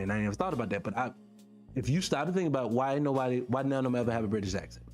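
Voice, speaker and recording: Talking very fast over soft background music, this middle-aged radio host addresses his listeners in a casual, animated way. He fills his talk with rhetorical questions, and his voice leaps up in pitch whenever excitement takes hold.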